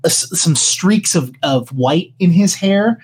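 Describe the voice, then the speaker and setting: A woman narrating a tabletop game as game master, with a fairly low voice. She describes each scene hesitantly, pausing often on fillers. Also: animated, a little mellow, slightly rough.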